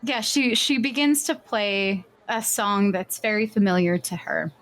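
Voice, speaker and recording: A woman player describing her character's actions in a tabletop game, calm and descriptive. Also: mid-range voice, measured pace.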